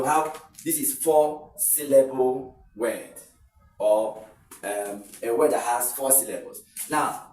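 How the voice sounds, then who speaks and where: A man's voice: mid-range voice, darkish tone. A man teaching English stress rules for exams, explaining step by step and often repeating words. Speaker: English tutor. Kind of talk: exam-prep lesson. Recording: echoey room, mic at a distance.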